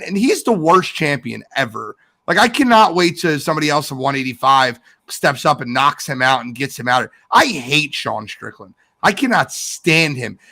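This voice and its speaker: A man on a sports podcast launches into an exasperated, emphatic rant. His voice sits high and swings widely in pitch. The tone is bright and forceful. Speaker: podcast co-host. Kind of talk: heated sports podcast talk.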